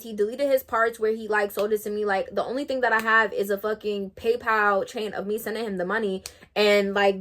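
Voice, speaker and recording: A young woman in her twenties, a rapper and makeup artist, telling a story in an animated way while doing her makeup, swearing freely and acting out quoted dialogue. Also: on the high side.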